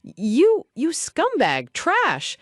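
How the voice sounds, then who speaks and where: Woman doing a shrill, haughty noble boy. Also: huge pitch swings, normal speed, no room sound, clean studio sound. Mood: furious. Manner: shouting, indignant, lecturing.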